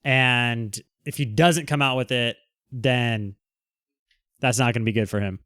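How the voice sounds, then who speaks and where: A man's voice: medium pitch, unhurried, a bit bright, clean tone, dry recording, clean studio sound. A man hosting a livestream, reading viewer comments aloud and answering them in a frank, rambling way with many restarts. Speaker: livestream host.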